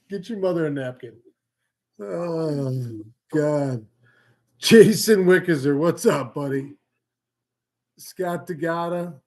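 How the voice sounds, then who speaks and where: A man's voice: on the high side, slow pace, pauses often, a little mellow. A man hosting a casual fishing livestream from home, rambling and joking as he reads out comments. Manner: rambling, joking, easily sidetracked. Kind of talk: casual live-stream chat. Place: home, indoors.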